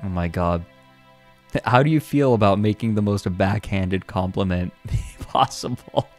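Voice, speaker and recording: A man streaming casually, who laughs often, exclaims loudly and reads chat aloud. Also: lowish voice, a little slow, soft background music.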